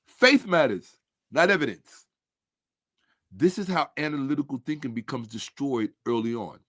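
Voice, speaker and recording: In a clean studio recording with no room sound, a man delivers a combative commentary monologue. His medium-pitched voice is a bit bright, with lively intonation at a moderate pace, and he turns sarcastic, repeats points for emphasis, and drops to a mutter while checking his screen.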